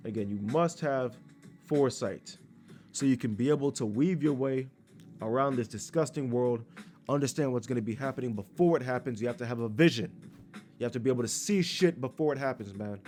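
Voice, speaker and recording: A man's voice: medium pitch, brisk, darkish tone, soft background music. A man preaching in a blunt, crude, scolding way, reading scripture aloud and commenting on it. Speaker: street preacher.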